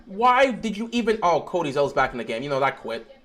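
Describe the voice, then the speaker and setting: A young man hosting a live stream, reacting to a basketball game as he watches it. He swings between quiet mumbling, pleading and sudden shouts. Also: a little high, big pitch swings, fast.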